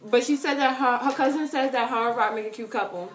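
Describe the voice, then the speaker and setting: A woman's voice: fairly high pitch, quick pace, soft background music. Chatty woman vlogger in an echoey room. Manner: chatty, animated, addresses viewers as girl and you guys. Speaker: vlogger answering viewer questions. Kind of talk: casual chat to camera.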